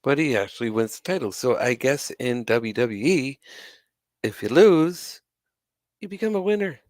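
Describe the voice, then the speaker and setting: In clean studio sound with no room noise, a man hosts his own wrestling commentary channel and rants straight to camera. His medium-pitched voice is animated and moves at a moderate pace, full of sarcasm, exasperation, and the odd swear word.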